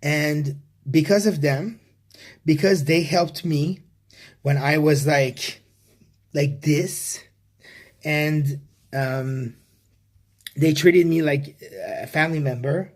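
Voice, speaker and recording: A man speaking to camera in a rambling personal confession, halting with many restarts and casual swearing. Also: on the high side, fairly even intonation. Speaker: vlogger.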